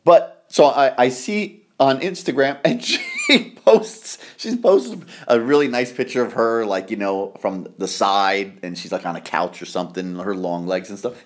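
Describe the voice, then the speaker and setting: A middle-aged American man hosting a podcast, telling stories in casual chat, rambling and excitable with frequent laughter. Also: on the low side, normal speed, few pauses. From United States. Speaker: podcast host.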